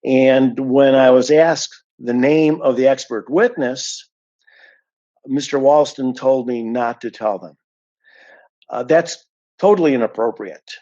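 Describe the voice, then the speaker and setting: A man's voice: mid-range voice, takes it slowly, mellow, dull audio. A man giving an indignant, emphatic account of a complaint as an unhappy client, stressing and repeating his points. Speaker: dissatisfied client giving a review.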